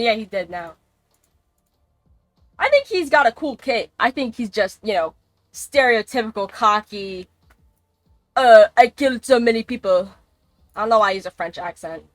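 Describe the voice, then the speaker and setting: Woman streamer, rambling casual chat, mid-pitched voice, dry close sound, swears freely. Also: a bit bright, dry recording. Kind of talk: casual gaming livestream chat.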